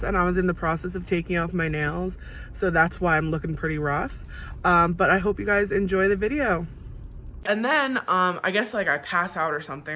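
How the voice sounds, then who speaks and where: A woman's voice: fairly low pitch, bright, forceful tone. A woman vlogger telling a personal story in a casual, candid, chatty way, with the odd swear word.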